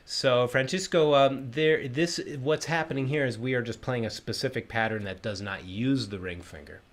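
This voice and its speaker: At a moderate pace and medium pitch, this man leads a livestream ukulele lesson, walking through each step patiently and counting the beats out loud. He keeps it friendly, greeting viewers by name.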